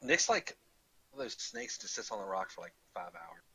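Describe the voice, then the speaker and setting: A man's voice: low-pitched, very animated, moderate pace, pushed and bright, husky, poor audio. A man running a tabletop game over a video call, chatting in a laid-back, joking way. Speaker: game master. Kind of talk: casual chat at the table.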